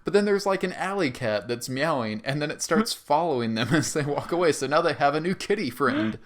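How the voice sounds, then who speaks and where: A man's voice: on the high side, animated, a little fast. A man co-hosting a film podcast in casual chat, retelling scenes with chuckles and the odd swear word. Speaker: podcast co-host.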